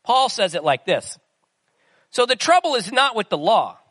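High, bright-voiced preacher man. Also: very animated, moderate pace, no room sound. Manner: conversational preaching with rhetorical questions. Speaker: pastor. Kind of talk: sermon.

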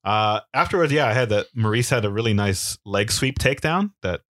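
Male podcast co-host, low and dry, rambling and easygoing. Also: lively intonation, a bit bright, no echo. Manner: easygoing, rambling with fillers, quick laughs. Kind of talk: casual chat and wrestling recap.

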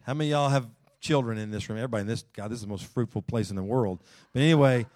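A man preaching a sermon in church, folksy, climbing loud and then slowing down low to read scripture. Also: no echo. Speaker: pastor.

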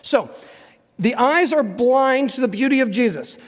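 Pastor guy, really high voice, preaching emphatic but chatty, long echo off the church hall. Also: lively intonation. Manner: emphatic, conversational, slows down when reading scripture. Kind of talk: sermon. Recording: reverberant hall.

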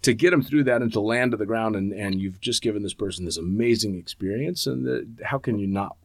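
A man's voice: fairly low pitch, brisk, creaky, dry recording. A middle-aged man, a skydiving instructor, chatting casually and candidly, swearing freely. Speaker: tandem instructor and podcast host. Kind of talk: casual chat.

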